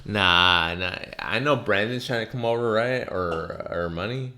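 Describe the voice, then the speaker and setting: A man's voice: lowish voice, measured pace, sharp tone. A man with a Southern US accent, from Alabama, hosting a casual podcast, laughing and swearing a lot after a few drinks. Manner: laughing, swearing, loose and joking. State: has been drinking. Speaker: podcast host.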